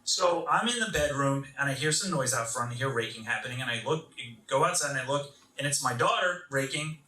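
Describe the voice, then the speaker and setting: A man in his thirties doing a stand-up comedy set, animated and leaping into high voices to quote others, with audience laughter behind him. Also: fairly quick, recorded from a distance. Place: comedy club stage. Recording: roomy stage sound from off-mic.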